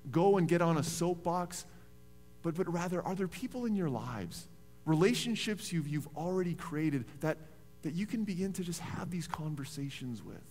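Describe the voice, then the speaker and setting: A man, a pastor preaching a sermon in a church in a conversational, animated storytelling way. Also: on the high side, moderate pace, faint music behind. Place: church sanctuary. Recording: reverberant church hall.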